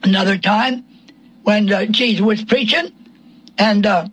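A man's voice: high voice, measured pace, fairly bright tone, low-quality recording. A man preaching a sermon, asking rhetorical questions and quoting scripture in old King James wording.

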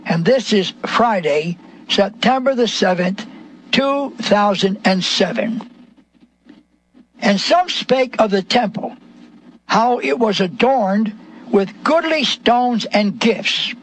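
Guy preaching, high voice, drags out the bible verses slow and heavy. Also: lively intonation, fairly bright tone, poor audio. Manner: slow, emphatic preaching with drawn-out scripture quotes. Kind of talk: sermon.

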